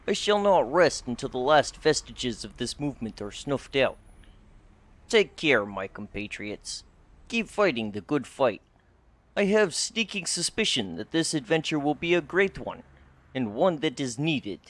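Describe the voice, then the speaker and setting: A man playing a grandiose accented adventurer, solemn and theatrical, lively swooping delivery, dry sound. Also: medium pitch, a little slow, no room sound. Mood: solemn farewell. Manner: solemn, theatrical speech-making. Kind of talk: tabletop role-play.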